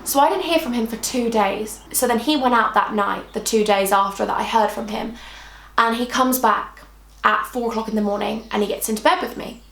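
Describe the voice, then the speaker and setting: A woman's voice: a little high, a little fast, gravelly, fairly bright tone. A British woman in her twenties telling a storytime vlog, emotional and chatty, full of "like" and repeated phrases. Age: 20s. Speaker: vlogger. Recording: echoey room.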